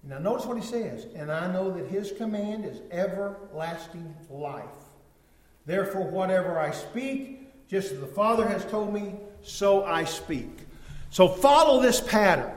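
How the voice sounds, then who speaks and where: A man preaching a sermon, emphatic, swinging from loud stressed words to low, drawn-out phrases. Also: animated. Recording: echoey hall.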